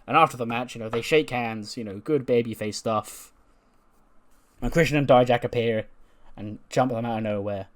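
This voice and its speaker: A man's voice: medium pitch, moderate pace. Casual man narrating a wrestling sim. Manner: acts out dialogue in put-on voices, laughs often. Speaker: gameplay commentator. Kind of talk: casual game commentary with acted-out dialogue.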